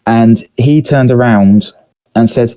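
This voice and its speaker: A young British man hosting a podcast, telling a story in a rambling, hesitant way with many fillers and pauses. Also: mid-range voice, mellow, clean tone. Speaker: podcast host. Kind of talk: casual storytelling chat.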